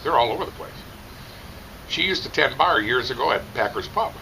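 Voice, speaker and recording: A middle-aged man telling a rambling, animated story, casually chatting outdoors at a barbecue competition. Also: mid-range voice, fairly quick, a little hiss or hum, poor audio.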